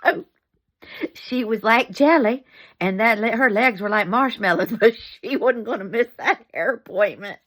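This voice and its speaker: A woman's voice: a little high, a little slow, a bit bright. A middle-aged woman telling a family story in a casual vlog, chatty and laughing often.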